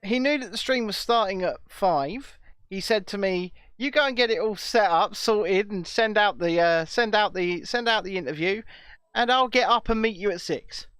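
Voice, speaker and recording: A man's voice: high-pitched, moderate pace, fairly bright tone, clear, resonant tone, no echo, clean studio sound. A man hosting a live stream, chatty and reading out viewer comments, often restarting his sentences. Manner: chatty, stammering restarts, reads chat comments aloud. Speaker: stream host. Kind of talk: casual live-stream chat.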